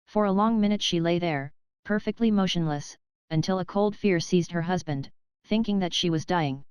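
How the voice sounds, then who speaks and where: A woman narrating a classic novel as an audiobook in a steady, measured storytelling manner. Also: fairly low pitch, clear, resonant tone, no echo, poor audio.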